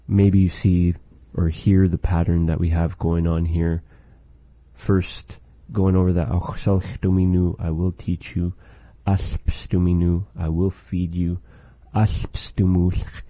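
A man teaching a language lesson, slowly and patiently repeating words for a learner. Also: deep voice, level tone, dark tone, dry recording, low-quality recording.

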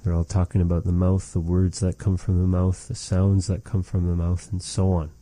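A man's voice: low voice, completely flat delivery, dark tone, no room sound. A man teaching phrases of a language in a patient, repetitive lesson. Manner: slow, patient, repeats phrases for practice.

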